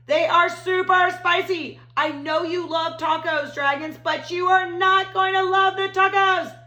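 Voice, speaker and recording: A woman's voice: very high voice, fairly even intonation, unhurried, pushed and bright, pitched above the performer's own voice, exaggerated voice. A woman voicing a little boy in a picture book, urgently warning and pleading with dragons. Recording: roomy echo.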